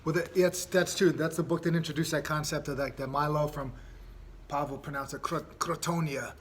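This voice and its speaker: A man with a slightly high voice hosting a casual podcast. He rambles in a relaxed way and leans on fillers, with faint noise underneath. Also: a little fast. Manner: rambling, laid-back, many fillers. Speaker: podcast host.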